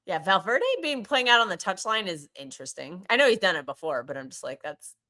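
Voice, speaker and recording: A woman co-hosting a live football watchalong stream, excitable and swearing freely as she reacts to every play. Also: on the low side, quick pace. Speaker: livestream co-host watching a football match. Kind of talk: live match watchalong commentary.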